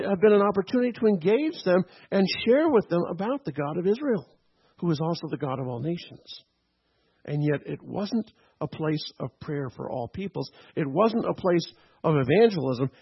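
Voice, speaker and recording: A man's voice: sits high, animated, moderate pace, husky, muffled recording. A man preaching a teaching sermon, checking in with "okay?" and "right?" as he explains. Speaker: pastor.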